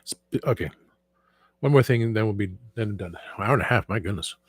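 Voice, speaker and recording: A man with a throat worn rough and hoarse, chatting loosely as host of a casual stream. His voice sits low, and he keeps circling back and correcting himself. The sound is close and dry. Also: fairly quick, no room sound. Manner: rambling, with frequent restarts and self-corrections. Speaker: show host. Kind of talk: casual livestream chat.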